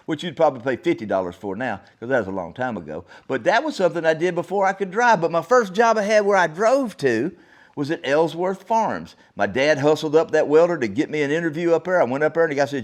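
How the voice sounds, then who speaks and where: A man's voice: on the high side, expressive, a little fast. An older man from Oklahoma, hosting a solo podcast as a folksy, rambling storyteller. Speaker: podcast host. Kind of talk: solo reflective talk.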